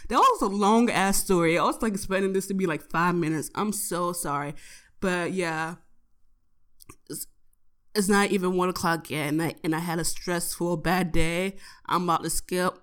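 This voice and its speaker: A woman's voice: fairly low pitch, normal speed. Young college girl ranting about her day, cussing a lot, laughing, super casual diary vibe. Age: young adult. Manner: animated, profane, laughs through her story.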